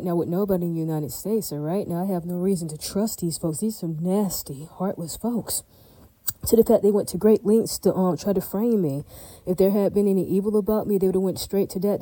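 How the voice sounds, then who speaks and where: A woman's voice: fairly low pitch, mellow, dry recording, low-quality recording. A woman vlogger talking straight to her viewers in a rambling monologue, emphatic and defiant, looping back to the same catchphrases and checks for agreement. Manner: emphatic, repeats "all right, now" and "does that make sense?"; defiant, insistent tone. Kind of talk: rambling direct-to-camera monologue.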